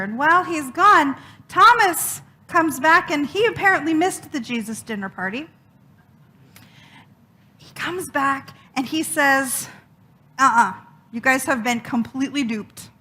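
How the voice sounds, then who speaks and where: A woman minister giving a sermon, retelling a story dramatically with expressive, emphatic repetition. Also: high-pitched, moderate pace.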